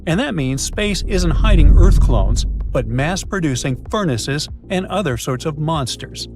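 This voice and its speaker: A man's voice: a little high, animated, unhurried. A man giving scripted science narration in a dramatic, playful way with jokey asides. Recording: faint music behind.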